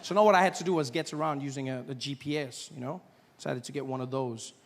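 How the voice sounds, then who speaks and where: A young man from South Africa with a South African accent, telling stories in a stand-up comedy set and bursting into loud acted shouts. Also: mid-range voice, steady tone, fast talker, in a large hall, noisy background. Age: 20s.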